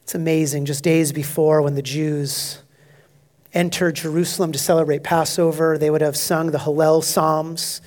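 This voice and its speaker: Man preaching a sermon, fairly high voice, gets loud and punchy then goes quiet and hushed. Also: level tone, normal speed. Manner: emphatic, dramatic shifts between loud declarations and hushed asides. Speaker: pastor. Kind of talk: expository sermon.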